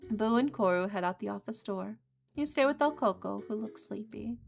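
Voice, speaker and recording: A woman's voice: medium pitch, normal speed, creaky, a little mellow, soft background music. A woman streamer reading a visual novel game aloud in a casual, playful way. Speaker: gaming streamer.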